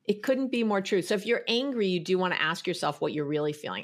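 A woman giving relationship advice in an emphatic, animated way during a casual podcast chat. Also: fairly low pitch, quick pace, few pauses. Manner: emphatic, animated, repeats herself. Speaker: guest advice giver.

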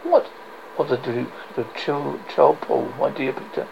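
A man's voice: mid-range voice, measured pace, gravelly, lo-fi sound, slight background noise. A man voicing a scheming, cruel old nobleman in a novel reading, silky and mocking.

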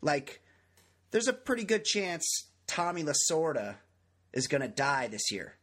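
A man's voice: a little high, sing-song, measured pace, fairly bright tone. Male podcast host, casual rambling banter. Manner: jokey, rambling, self-mocking.

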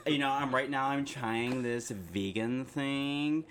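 A man improvising a bubbly, airheaded young valley girl woman who spells out names as a comedy bit, talking slowly. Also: mid-range voice, fairly bright tone, slight background noise.

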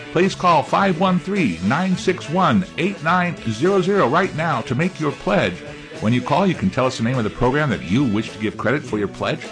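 Man, radio announcer, scripted read, formal, steady, mid pitch, music bed. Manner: steady, formal read with numbers spelled out slowly. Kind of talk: scripted pledge-drive announcement.

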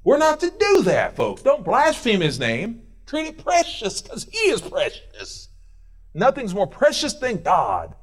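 A male pastor preaching a sermon in a church, swinging between loud urging and quiet intensity. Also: very high voice, huge pitch swings, measured pace.

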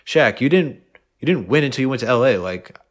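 A man's voice: mid-range voice, lively intonation, fairly quick. A man co-hosting a casual sports podcast, rambling and fired up with lots of fillers. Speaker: podcast co-host.

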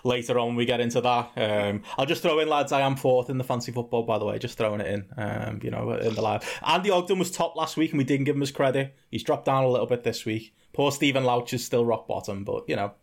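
A man's voice: mid-range voice, fast talker, creaky, hardly any pauses. A man hosting a podcast chat, leading the talk and laughing often. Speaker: podcast host. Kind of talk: casual chat.

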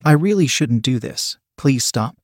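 Brief: a breathless married woman, read by a man in a dry, close erotic audio story, mid pitch. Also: animated, unhurried, no room sound. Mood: hesitant. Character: adult married woman, guilty yet eager.

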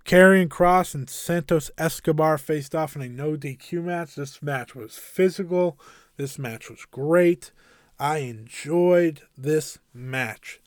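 A man's voice: on the high side, takes it slowly, dry recording, studio quality. A man giving a casual, enthusiastic and opinionated recap of a wrestling show, rambling a little with fillers.

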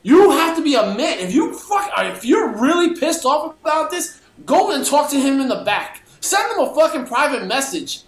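A man's voice: extremely high pitch, sing-song, moderate pace, few pauses, echoey room, a little hiss or hum. A man co-hosting a podcast, delivering a profanity-laced, heated opinion rant. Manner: profanity-laced, fired-up ranting. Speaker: podcast co-host.

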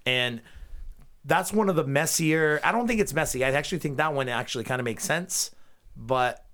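A man's voice: on the high side, normal speed, fairly bright tone. A man co-hosting a casual podcast chat, profane and ranting, who sometimes hums and sings along. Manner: profane, ranting, breaks into humming and singing. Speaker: podcast co-host.

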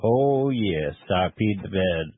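A man doing a sheepish old caller, about sixty-five, who rambles and stalls with husky, hesitant words. He sounds squeezed through a tinny phone line with no room around him. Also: low voice, expressive, no echo, full character voice. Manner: halting, sheepish, full of fillers. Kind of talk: prank call to a psychic line.

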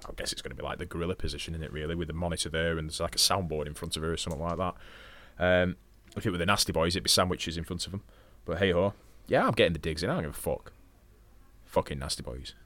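A man's voice: fairly low pitch, a bit bright, no echo. A man co-hosting a podcast, swearing casually and recapping a wrestling match from notes between chatty asides. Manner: profane, chatty, laughs often, reads play-by-play notes. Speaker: podcast co-host.

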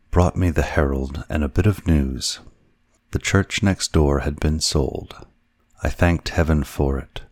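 A man narrating a classic story in a measured, even reading. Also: very deep voice, no echo, studio quality. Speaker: audiobook narrator.

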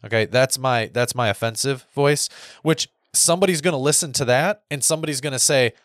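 A man in his thirties talks through a casual podcast monologue, circling back and repeating his points with many restarts. His voice sits at a middle pitch. The sound is dry, with no room echo. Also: a little fast. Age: 30s. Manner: rambling, repeats himself, frequent restarts. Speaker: podcast host.

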